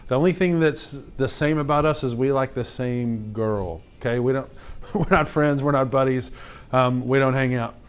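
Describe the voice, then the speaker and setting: A man teaching a class of fifth graders, telling a personal story in an animated, chatty way, with lots of "like" and direct questions to the kids. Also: medium pitch, normal speed, clear, resonant tone.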